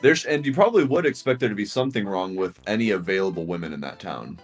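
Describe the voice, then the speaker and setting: Co-host, man, lowish voice, playful and teasing, faint music under him. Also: lively intonation, fast talker. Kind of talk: casual chat on a live stream.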